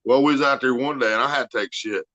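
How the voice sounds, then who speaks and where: An American podcast host with a medium-pitched, sharp voice talks quickly in a casual, profane chat, laughing his way through crude stories. The recording is dry, dull, and lo-fi.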